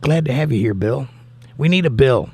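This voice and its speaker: An older man hosting a live stream, greeting viewers and reading their comments in an upbeat, animated way. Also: mid-range voice, moderate pace, breathy edge, no room sound. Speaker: host.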